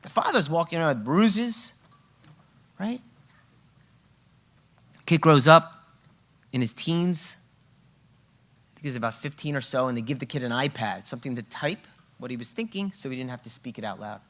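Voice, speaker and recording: A bright, clear male voice addressing a room full of parents. He talks emphatically and keeps checking in with his listeners as he leads a workshop on communication. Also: mid-range voice, expressive, normal speed, long pauses. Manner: emphatic, often checking in with "okay?" and "right?". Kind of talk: live workshop talk to an audience. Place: room with a live audience.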